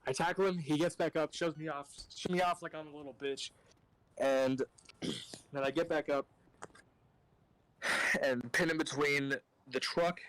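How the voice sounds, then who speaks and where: A man's voice: a little high, a bit bright, rough recording. Profane rambling male storyteller. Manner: profane, rambling, lots of "like" fillers. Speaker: streamer. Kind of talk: casual storytelling while gaming.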